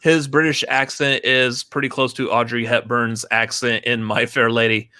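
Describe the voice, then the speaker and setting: A man's voice: mid-range voice, flat delivery, moderate pace, pushed and bright, clean tone, no echo, studio quality. A man co-hosting a film podcast, reading listener questions and teasing the others dryly. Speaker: podcast co-host. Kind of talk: casual chat.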